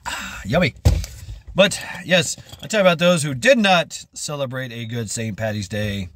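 A man's voice: mid-range voice, moderate pace, fairly bright tone, a little hiss or hum. A man vlogging in a casual, rambling monologue, chuckling often and restarting his sentences with many fillers.

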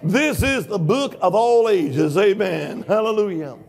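High-voiced exuberant preacher man. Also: animated, measured pace. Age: older. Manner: exuberant, shouting hallelujahs, acting out dialogue. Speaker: guest preacher. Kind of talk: Pentecostal-style sermon.

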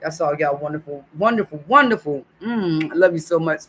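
A man talks casually on a live stream, his voice sitting a little higher than most men's. He chats warmly with his viewers and reads their comments aloud. Faint noise hums behind him. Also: animated, a little fast. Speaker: YouTube livestream host. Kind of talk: casual livestream chat.

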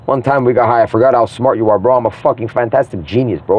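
A man's voice: medium pitch, fast talker, hardly any pauses, lo-fi sound. A man ranting in a rambling, profane, grandiose monologue to the camera.

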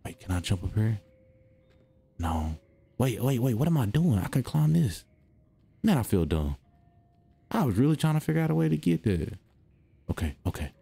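Young gaming host: low, dark voice, jumpy, slangy let's-play chatter. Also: male voice, moderate pace, creaky, pauses often, slightly rough, dry recording. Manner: excitable, slangy, talks to himself; drops to a hush when the game gets quiet.

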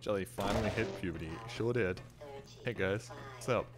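A man's voice: lowish voice, moderate pace, over music. A man streaming a video game live, talking through his play with jokes, curses and startled yelps. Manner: jokey, swears often, yelps when startled. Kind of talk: live gameplay commentary. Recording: game gunfire noise under voice. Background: video game gunfire and clicks.

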